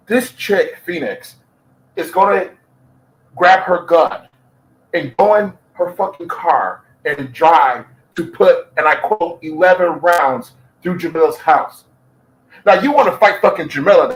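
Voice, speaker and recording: A man's voice: high-pitched, lively intonation, moderate pace, rough recording. A man giving heated commentary, swearing constantly and repeating his points. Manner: profane, heated, repetitive. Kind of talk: ranting commentary.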